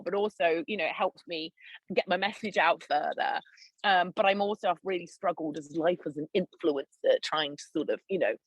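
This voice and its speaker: A woman in middle age, a podcast guest, telling her story in animated, candid chat with frequent laughter and swearing. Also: on the low side, dry recording, low-quality recording. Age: 40s. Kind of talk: casual interview chat.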